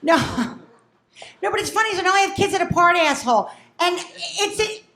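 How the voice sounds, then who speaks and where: Loud potty-mouthed new lady doing stand-up, swoopy high voice, roomy sound. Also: lively intonation, normal speed. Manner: brash, profane, acts out family dialogue. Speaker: stand-up comedian. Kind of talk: stand-up comedy set. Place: comedy club. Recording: echoey club room.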